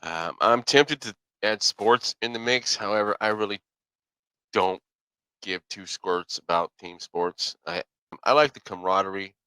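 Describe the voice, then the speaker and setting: A man's voice: fairly low pitch, a little slow, pushed and bright, smooth, no echo, low-quality recording. A middle-aged man hosting his own podcast, talking casually in a folksy, rambling way and often correcting himself. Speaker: podcast host. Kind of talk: casual solo commentary.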